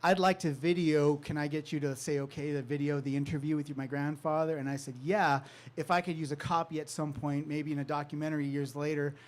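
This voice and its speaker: Guy from california telling a story to a crowd, high voice, acts out the people he quotes, laughs a lot. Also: little pitch movement, a little fast, a little mellow. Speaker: author giving a talk. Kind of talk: storytelling talk to an audience.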